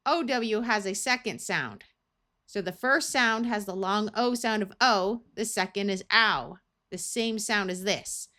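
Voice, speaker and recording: A woman's voice: mid-range voice, animated, a bit bright. A woman with an American accent teaching a phonics lesson, reading word lists aloud one word at a time. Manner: slow, deliberate, pauses between single words. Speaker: reading tutor.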